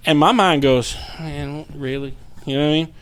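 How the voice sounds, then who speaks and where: Animated, profane middle-aged storyteller man. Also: a little high, fast talker, clean tone. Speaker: podcast guest, paranormal investigator. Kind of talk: casual storytelling chat.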